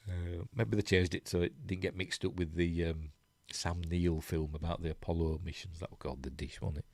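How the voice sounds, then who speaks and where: A man's voice: deep voice, fairly even intonation, normal speed, a little mellow, no echo. A man with a Yorkshire accent hosting a live stream, chatting casually, reading news articles aloud and chuckling, with lots of rhetorical tag questions. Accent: Yorkshire English. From Yorkshire, England.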